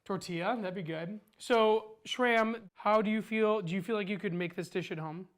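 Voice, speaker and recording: An upbeat woman hosts a casual cooking demonstration. She talks the viewer through the recipe step by step in a relaxed, chatty way. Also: mid-range voice, moderate pace. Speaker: cooking show host.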